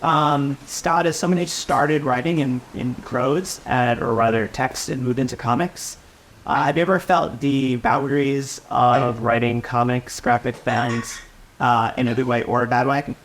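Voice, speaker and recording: A man in the audience asking a question at a live panel, halting and hesitant. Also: medium pitch, steady tone, a bit bright, a little hiss or hum.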